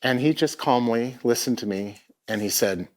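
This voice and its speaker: A man's voice: medium pitch, moderate pace. Middle-aged guy telling his own story on stage, thoughtful, trips over his words a bit. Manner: reflective, with hesitant restarts. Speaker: keynote speaker. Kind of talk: personal storytelling talk. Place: theatre stage before a live audience.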